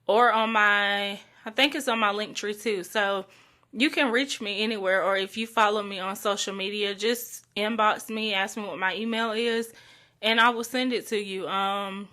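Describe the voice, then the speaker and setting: Woman, young adult, podcast host, chatty, heartfelt, bright tone. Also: medium pitch, steady tone, normal speed. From North Carolina. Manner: chatty and heartfelt, with frequent likes and ums. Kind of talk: solo podcast monologue.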